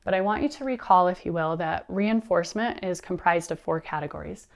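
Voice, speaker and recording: A woman in her thirties giving an animated lecture to teachers, telling a personal story with expressive delivery. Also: on the low side, a little fast, creaky. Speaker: teacher trainer.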